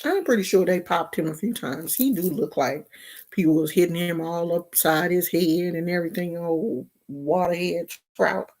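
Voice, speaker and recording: A woman's voice: lowish voice, normal speed, darkish tone. A woman from California giving casual gossip commentary in a slangy, mocking, rambling way. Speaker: vlogger.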